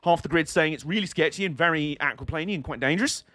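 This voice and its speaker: A young man casually commenting on motor racing during a livestream, chatty and excitable, laughing and swearing often. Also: fairly high pitch, fast talker, no echo, studio quality. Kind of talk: casual watch-along commentary.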